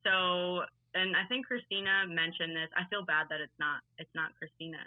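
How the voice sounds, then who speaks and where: A woman's voice: lowish voice, fairly even intonation, normal speed, no room sound. Young woman, faded long island accent, chatty guest on a call, tinny phone sound, lots of likes and ums. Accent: faded Long Island New York. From Long Island, New York. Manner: chatty, filler-heavy storytelling with laughs. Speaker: guest, lacrosse player and coach. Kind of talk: casual podcast chat.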